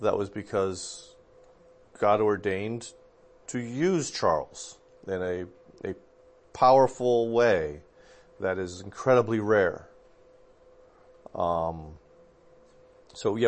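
Low-voiced relaxed pastor talking theology. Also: male voice, takes it slowly, long pauses. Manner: relaxed, rambling, with fillers and self-corrections. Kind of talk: casual theological discussion.

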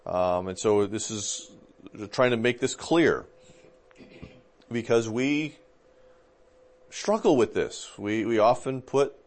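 A fairly low-voiced man preaching in a loose, conversational way. He leans on fillers as he thinks aloud and keeps checking in with his listeners with a quick "okay?". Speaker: pastor teaching a class. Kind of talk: conversational teaching.

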